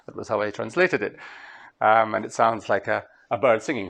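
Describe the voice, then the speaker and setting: A man from Scotland, a translator giving a master class, lecturing in a relaxed way, thinking aloud with fillers and small laughs. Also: fairly low pitch, a little fast, vocal fry.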